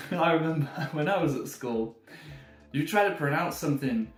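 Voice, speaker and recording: A British man coaching language learners to camera in a relaxed, encouraging way, often chuckling as he talks. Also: a little high, normal speed. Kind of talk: motivational talk to camera. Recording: echoey room with faint music.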